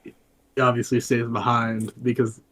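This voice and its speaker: A man's voice: medium pitch, completely flat delivery, unhurried, a bit bright, slight background noise. A young man, a podcast co-host, chatting casually in a laid-back way and filling in details. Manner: laid-back, agreeable, chimes in to fill in details. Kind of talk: casual chat.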